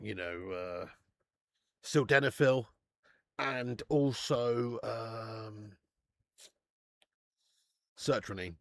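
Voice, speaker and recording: A man's voice: medium pitch, drawn-out words, vocal fry, pauses often, no room sound, studio quality. A man hosting a live football watch-along, swearing freely and laughing as he reads out viewer messages.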